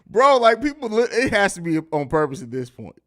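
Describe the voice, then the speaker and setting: A man with a high voice and big pitch swings speaks at a moderate pace while hosting a live sports podcast stream. He chats loosely and profanely, laughs a lot, and reads viewer comments out loud.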